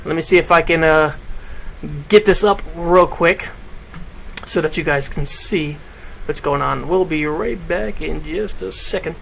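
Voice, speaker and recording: A man's voice: a little high, unhurried, vocal fry, fairly bright tone, slight background noise, rough recording. A man hosting a casual radio show, laid-back and slangy as he talks to his listeners.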